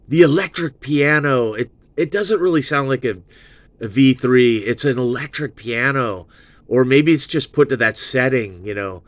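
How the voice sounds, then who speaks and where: A man's voice: medium pitch, no room sound. A man hosting a show and giving a casual, rambling album review full of loose asides. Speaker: host.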